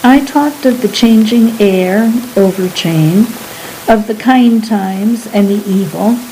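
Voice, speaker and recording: A woman narrating a story aloud in a measured, deliberate reading. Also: medium pitch, mellow, a little hiss or hum, rough recording. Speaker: reader.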